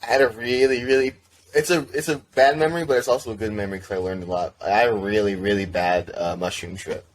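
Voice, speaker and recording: A man's voice: lowish voice, steady tone, fast talker, slight background noise. A young man, a band member guest on a podcast, telling a long story casually in a rambling way, full of "like" and restarts.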